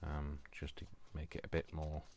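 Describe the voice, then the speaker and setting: A man's voice: a bass voice, completely flat delivery, moderate pace, gravelly, a little mellow, a little hiss or hum. A man hosting his own craft video, rambling along and teasing himself as he works. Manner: self-deprecating, talks to himself. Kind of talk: casual rambling craft tutorial.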